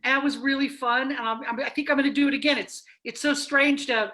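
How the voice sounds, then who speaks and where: Wisecracking woman contestant on a video call, high voice, blunt. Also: fairly even intonation, brisk, bright, forceful tone. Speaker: game show contestant. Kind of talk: casual chat on a video call game show.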